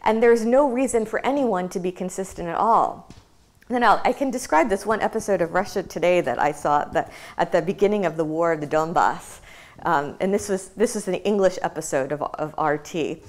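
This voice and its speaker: A woman's voice: fairly low pitch, moderate pace. A woman giving a lecture, chatty and anecdotal, full of "you know" and "like". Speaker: guest lecturer.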